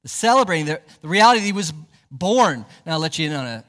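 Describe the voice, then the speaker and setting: A man's voice: a little high, sing-song, fast talker, fairly bright tone, big-room sound. A man, a pastor, preaching a sermon in a church sanctuary, emphatic and asking the congregation rhetorical questions.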